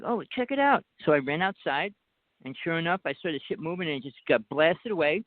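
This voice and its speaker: A man with a New Jersey accent talks on and on in a rambling phone chat, insistent and hard to interrupt. His voice sits a little high for a man. The sound is dry and squeezed thin like a phone call. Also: brisk, no echo. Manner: insistent, talks over the other speaker. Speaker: guest. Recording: dry tinny phone line.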